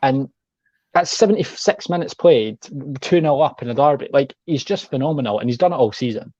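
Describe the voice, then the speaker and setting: A man's voice: medium pitch, lively intonation, brisk, darkish tone, dry recording, highs cut off. A man talking football as a guest, rambling and saying "like" a lot. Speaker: guest pundit. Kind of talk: casual chat.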